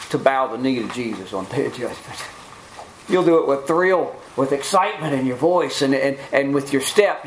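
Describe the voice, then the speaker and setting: A man's voice: a little high, low-quality recording. A man preaching a sermon in an earnest way, often restarting phrases and mimicking scoffers. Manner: earnest, repetitive restarts, mock-quotes scoffers.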